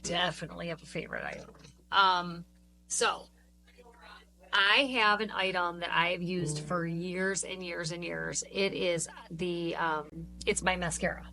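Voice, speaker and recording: A woman's voice: fairly low pitch, level tone, unhurried, gravelly, pushed and bright, rough recording. A middle-aged woman co-hosting a podcast in casual chat, telling stories with emphatic, chatty delivery. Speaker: podcast co-host.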